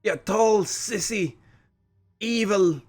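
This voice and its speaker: A man voicing a hot-tempered old warrior father, shouting and berating in a high, strained voice. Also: sing-song, a little slow, full character voice. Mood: furious.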